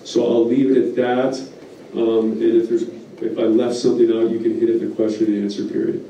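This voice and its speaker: A man's voice: medium pitch, level tone, dark tone. Man talking from far off in a hall. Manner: plainspoken, loose and halting with fillers. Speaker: wolf biologist speaking at a public meeting. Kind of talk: public talk and Q&A. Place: meeting room. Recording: echoey hall from far off, faint noise.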